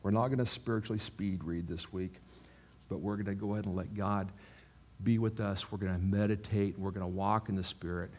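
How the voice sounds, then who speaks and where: A middle-aged male pastor giving a sermon, jokey and animated in the telling, then soft and prayerful. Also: lowish voice, fairly quick.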